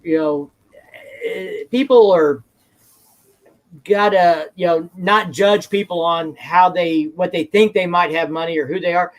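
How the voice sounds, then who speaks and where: A man's voice: sits high, steady tone, measured pace, low-quality recording. A man from the Ozarks, a motorcycle vlogger, chatting casually in a folksy, rambling way. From Ozarks, United States. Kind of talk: casual chat.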